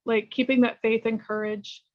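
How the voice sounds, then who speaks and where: A middle-aged woman from California sharing her personal recovery story at a meeting, candid and rambling, lively when she tells a story. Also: on the high side, normal speed, no room sound, dull audio. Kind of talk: personal testimony talk.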